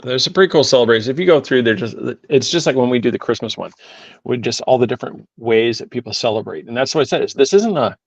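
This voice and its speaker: A middle-aged man co-hosting a podcast, explaining history in halting, rambling stretches. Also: medium pitch, expressive, no echo, lo-fi sound. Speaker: podcast co-host. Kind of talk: casual podcast chat.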